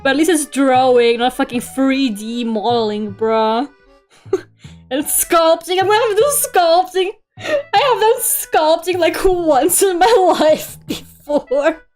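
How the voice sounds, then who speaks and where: A woman's voice: sits high, animated, measured pace, darkish tone. A young woman chatting casually on a stream while drawing. She grumbles, swears freely and giggles often. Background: faint music.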